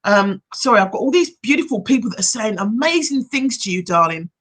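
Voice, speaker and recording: A middle-aged woman, a hypnotherapist hosting a live-streamed chat, speaking in an encouraging, animated way. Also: medium pitch, fairly quick. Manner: encouraging, animated, reads viewer comments aloud.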